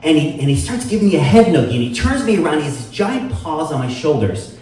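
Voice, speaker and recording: A man's voice: on the high side, sing-song, quick pace, darkish tone, recorded from a distance. A middle-aged man hosting a live storytelling show, rambling with many fillers and self-deprecating humor. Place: live venue with audience. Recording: echoey room heard from afar, faint noise.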